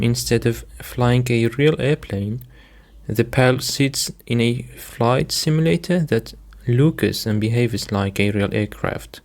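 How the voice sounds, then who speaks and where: A man with a medium-pitched, creaky, darkish voice gives a slow and deliberate English vocabulary lesson. Patiently, he says every word and its stress more than once, frequently speaking to his "dear listeners."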